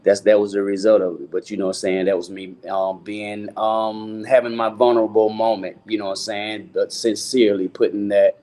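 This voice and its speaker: A man's voice: fairly low pitch, level tone, fairly quick, hardly any pauses, mellow. A middle-aged man, a singer talking loosely in an interview and filling his talk with "you know what I'm saying". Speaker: guest singer.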